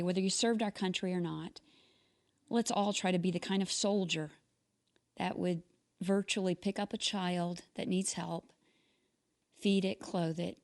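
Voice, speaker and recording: A woman host telling a true story in a short inspirational commentary, in an earnest, measured way. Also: lowish voice, a little mellow.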